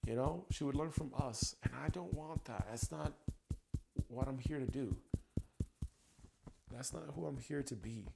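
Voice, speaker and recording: A man, a tapping coach, talking through his anger in a raw, profane personal monologue that swings from ranting to quiet reflection. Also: medium pitch, a little slow, vocal fry, pauses often, very noisy.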